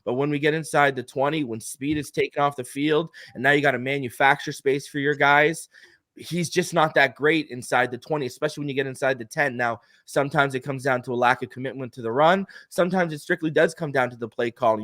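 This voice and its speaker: A man in a podcast roundtable, arguing his sports points emphatically in quick bursts. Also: mid-range voice, fairly even intonation, fairly bright tone, dry recording, studio quality. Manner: emphatic, argumentative, rapid bursts. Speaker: podcast guest. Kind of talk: heated sports roundtable debate.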